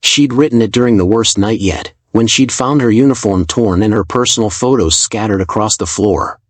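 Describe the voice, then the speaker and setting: A man narrating a dramatic story in a calm, measured, scripted way. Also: lowish voice, no room sound.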